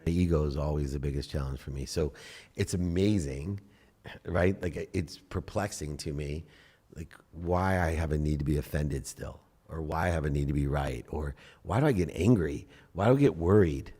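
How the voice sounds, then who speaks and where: A middle-aged man with a very low voice speaks as an interview guest. He is animated and blunt, swears now and then, and jumps into acted-out inner dialogue. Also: normal speed, breathy edge. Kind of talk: casual interview talk.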